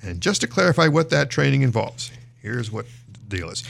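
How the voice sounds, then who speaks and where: A man's voice: medium pitch, big pitch swings, fairly quick, gravelly, fairly bright tone. A man hosting a news show, reading stories aloud in a casual, conversational way with frequent fillers and restarts.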